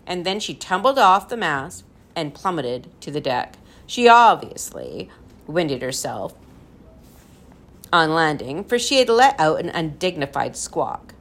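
A woman reading a children's storybook aloud in a lively, expressive way. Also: low voice, a little slow. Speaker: narrator.

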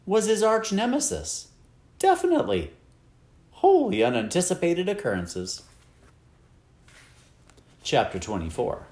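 A man reading a children's novel aloud with expressive, wide-ranging storytelling. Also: mid-range voice, echoey room. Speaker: audiobook narrator. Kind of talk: scripted narration.

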